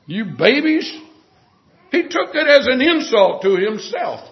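A man with a high voice preaches a sermon with emphatic delivery, often sinking to a hush. The recording sounds dull and lo-fi. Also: very animated, normal speed. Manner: emphatic preaching that drops to hushed tones.

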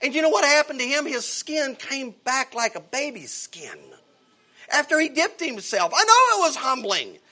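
A man preaching with a very high, lively voice that leaps up and down. His tone is bright and forceful. He delivers a fervent sermon, swinging from shouts to near-hushed confessions and full of folksy rhetorical questions. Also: moderate pace. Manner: impassioned, swings between shouting and hushed tones. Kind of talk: evangelical sermon.

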